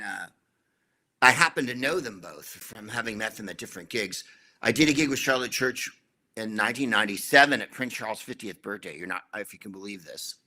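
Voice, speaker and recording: A middle-aged man tells stories with dry wit and throws in quick asides. His voice sits low but has a bright, forceful edge. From United States. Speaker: comedian guest. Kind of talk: anecdotal interview chat.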